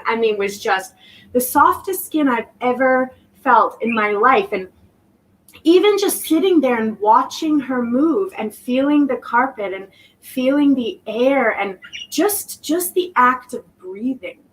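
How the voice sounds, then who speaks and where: High-pitched woman guest, slow reflective storyteller, halting restarts, mic a bit far. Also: fairly bright tone. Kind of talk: personal story in an interview. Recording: voice distant from the mic.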